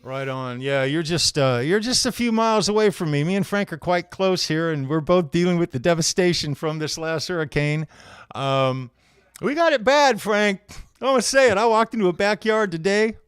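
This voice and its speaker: A man's voice: sits high, expressive, normal speed, smooth, dry recording, clean studio sound. A man hosting a casual live show, greeting viewers one by one in a laid-back, friendly way and sounding worn out from hard physical work. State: worn out from heavy physical labor.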